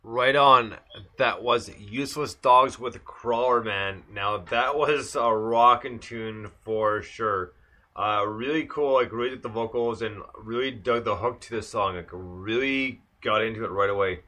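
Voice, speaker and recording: Laid-back male radio host, low-ish bright voice, casual slang. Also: unhurried. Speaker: radio show host introducing tracks.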